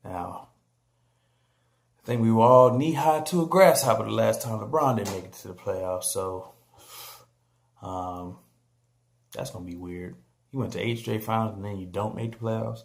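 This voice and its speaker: Gravelly animated man riffing on basketball. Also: moderate pace, pauses often. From San Antonio, Texas. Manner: animated, joking, trash-talking, mimics teams and players in high mock voices. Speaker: vlogger. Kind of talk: casual basketball commentary vlog.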